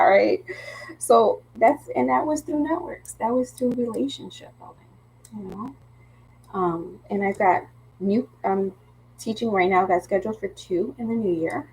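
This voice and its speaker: A woman's voice: a little high, normal speed, vocal fry, slight background noise, low-quality recording. A woman with a Philadelphia accent hosting a live craft stream, chatting in a rambling way with frequent restarts and easy laughter. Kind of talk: casual livestream chat.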